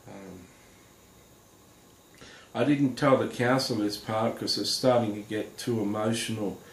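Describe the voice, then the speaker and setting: Speaking to viewers in a lowish, gravelly voice with fairly even intonation, a man shares his Christian testimony earnestly and haltingly, with many pauses and fillers. The recording has a roomy echo and faint background noise.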